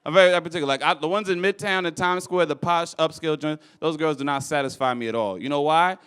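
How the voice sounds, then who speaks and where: Young male stand-up comic, bright and clear voice, animated, stage mic. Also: fast talker. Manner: animated, acts out characters with shouted high voices. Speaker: stand-up comedian. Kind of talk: stand-up comedy set. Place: comedy club stage. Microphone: handheld stage mic.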